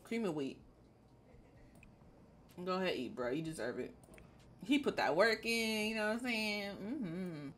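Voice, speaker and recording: A playful woman streamer gives running commentary on her game in loose, slangy speech. She talks back to her characters, and her voice leaps between low and high notes. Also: expressive, unhurried, long pauses, a bit bright, a little hiss or hum. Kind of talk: casual gameplay commentary.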